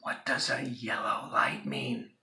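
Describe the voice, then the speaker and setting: A man's voice: medium pitch, fairly even intonation, unhurried, vocal fry, echoey room, noisy background, pitched above the performer's own voice. A man voicing a persistent, anxious test-taker who whispers questions to his buddy during an exam. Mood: pleading whisper. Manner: pestering, whispering.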